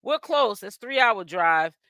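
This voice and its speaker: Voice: medium pitch, expressive, pushed and bright, clear, resonant tone, no echo, studio quality. A host from Boston with a Boston accent, giving sassy, chatty live-stream commentary and reading viewers' chat aloud. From Boston, Massachusetts. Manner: sassy and chatty, with drawn-out exclamations. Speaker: host of a celebrity gossip channel.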